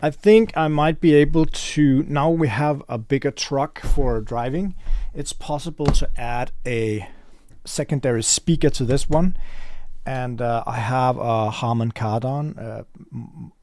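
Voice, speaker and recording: A man chatting casually on a livestream, rambling and thinking aloud as he reads viewers' messages. His voice is middle-pitched and sits close and dry, with no room around it. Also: unhurried, a little mellow, no echo. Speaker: store owner livestreaming.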